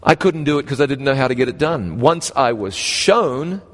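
New Zealand preacher in a reverberant hall. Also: male voice. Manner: animated, rises and drops sharply in pitch, slows for emphasis. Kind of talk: storytelling sermon.

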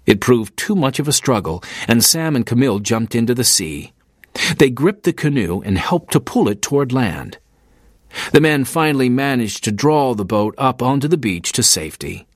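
A man narrating an audiobook in a measured storytelling manner. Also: medium pitch, big pitch swings, no echo, clean studio sound.

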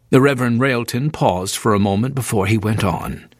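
A man narrating an audiobook in a clear, expressive reading style. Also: medium pitch, normal speed, few pauses, no room sound, clean studio sound.

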